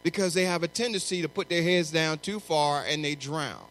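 A middle-aged man preaching a sermon, emphatic and often shouting, repeating lines for stress. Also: fairly high pitch, moderate pace, rough recording.

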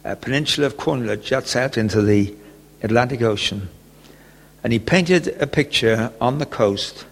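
A man preaching a sermon, telling a gentle personal story and often chuckling. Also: medium pitch. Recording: long echoey reverb.

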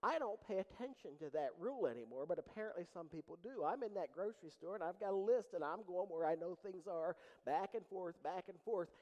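Man, pastor, sermon, dramatic pauses, building emphasis, reverberant hall. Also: high voice, highs cut off. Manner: animated preaching with dramatic pauses and rising emphasis.

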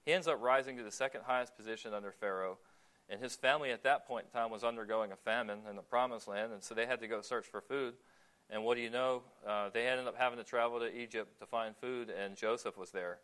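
A man preaching a sermon in a relaxed, conversational way, asking the listeners questions and pausing on fillers. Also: medium pitch, clean tone.

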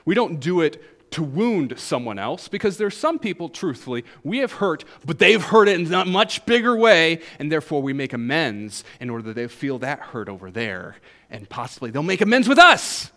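A man's voice: fairly high pitch, moderate pace, hardly any pauses. A male pastor with a Southern US accent preaching a sermon, joking with the congregation. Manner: animated, jokes with the congregation.

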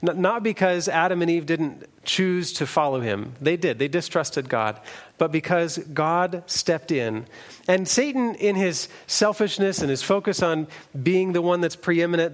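Male preacher, earnest sermon delivery, voice a bit high. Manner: earnest, reads scripture aloud, some restarts.

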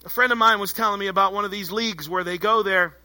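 A man preaching a sermon as pastor, animated and conversational, joking with the congregation. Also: high-pitched, fast.

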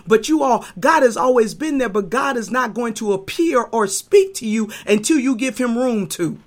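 A woman preaching a sermon, moving from hushed talk to shouting, repeating herself and stumbling over fillers. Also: on the high side, expressive, normal speed, hardly any pauses. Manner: impassioned, swings from hushed to shouting.

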